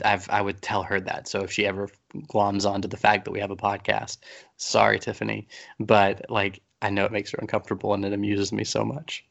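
A man's voice: fairly low pitch, creaky, fairly bright tone. A man co-hosting a podcast in casual chat, joking and rambling with self-deprecating asides. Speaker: podcast co-host. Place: basement at home.

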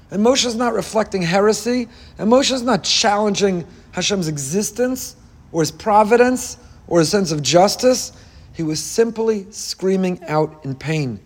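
Rabbi, male, high-pitched, preaching with passion and repeated phrases. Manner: impassioned, repetitive rhetorical cadence. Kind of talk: Torah sermon on the weekly portion.

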